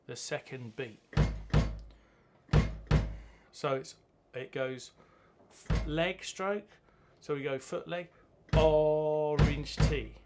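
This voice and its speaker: A man's voice: on the high side, creaky, heavy background noise. A man teaching a drum lesson, chanting rhythm words as he plays. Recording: loud drumming behind the voice. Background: drum kit playing.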